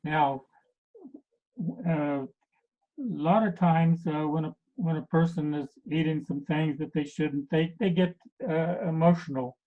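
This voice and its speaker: A man acting as a health coach, giving a casual talk to a group and pausing often with many fillers. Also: fairly high pitch. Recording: tinny phone-like recording.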